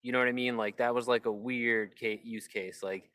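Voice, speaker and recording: Rambling man live-streaming, bright voice. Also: medium pitch, fairly even intonation, moderate pace, no room sound, studio quality. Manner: rambling, full of "like" fillers and restarts. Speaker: livestreamer.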